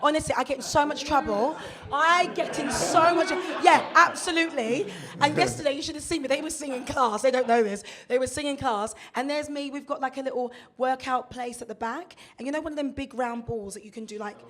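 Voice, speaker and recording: A young British woman with a fairly high voice chats about her stage work in a relaxed live interview. She is bubbly and excitable, full of quick asides and bursts of laughter. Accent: British English. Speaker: cast member, stage actress. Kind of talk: casual live interview chat.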